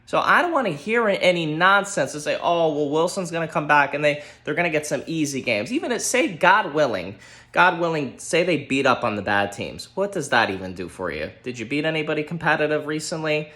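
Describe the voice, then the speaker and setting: A man ranting about his football team, heated and profane, exasperated, shouting at times. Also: fairly high pitch, expressive, fairly quick. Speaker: sports fan ranting on his channel. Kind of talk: angry solo sports rant.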